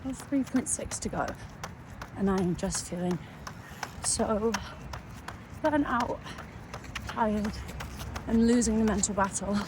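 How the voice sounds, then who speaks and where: A woman's voice: medium pitch, takes it slowly, long pauses. A young woman vlogging while on a long run, chatty and out of breath, often tired and talking herself through it. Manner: chatty, self-talk while running, often breathless and weary. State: out of breath, exhausted. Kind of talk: running vlog, talking to camera. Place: outdoors, on a run. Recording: noisy outdoor ambience.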